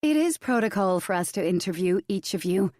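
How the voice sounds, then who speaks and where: A woman's voice: mid-range voice, lively intonation, brisk, darkish tone, no echo, studio quality, close to an everyday voice. Woman playing a poised female vampire official. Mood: formal.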